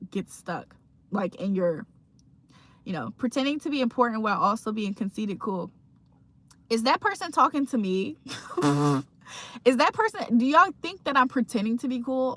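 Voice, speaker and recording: A woman's voice: mid-range voice, fairly bright tone. A young woman from Virginia hosting a casual morning livestream, reading chat comments aloud in a laid-back, chatty way and laughing often. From Virginia, USA. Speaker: livestream host.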